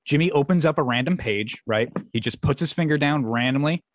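A man's voice: fairly high pitch, a little fast, no echo, studio quality. A man hosting a podcast, running a casual segment with crude jokes and frequent laughter. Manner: crude joking, laughs often. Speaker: podcast host.

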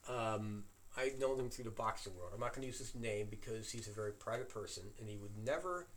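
A man in casual chat, excitedly telling an anecdote with plenty of swearing. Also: fairly low pitch, a little fast, slight background noise. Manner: animated, excitable storyteller who swears.

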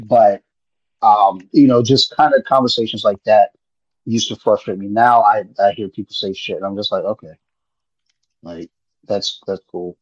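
A man's voice: lowish voice, steady tone, normal speed, slightly rough, no echo. A man in laid-back, rambling casual chat on a podcast, swearing freely. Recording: muffled lo-fi audio.

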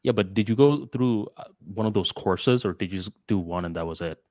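A man's voice: fairly low pitch, a little fast, no room sound. Podcast co-host, male, casual storyteller, dry close mic. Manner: storytelling, animated retelling.

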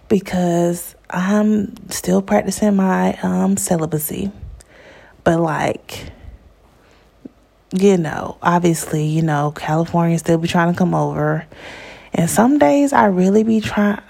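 A young woman tells a personal story at a slow, unhurried pace. Her low, mellow voice has a gravelly fry, and she talks in a candid, chatty way, laughing often. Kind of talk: casual storytime monologue.

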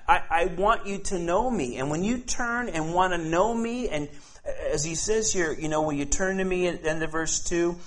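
A man preaching a sermon and reading scripture aloud in an earnest way, often stumbling over his words and restarting. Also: high voice. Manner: earnest, frequent stammered restarts. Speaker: pastor.

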